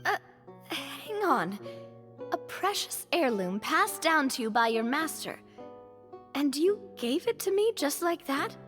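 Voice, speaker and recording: A woman voicing a young woman who reflects on losing her father and a friend, in a warm storytelling way. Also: high-pitched, very animated, slow, long reverb tail, faint music behind, heavily acted. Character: cheerful young woman recalling a lost father.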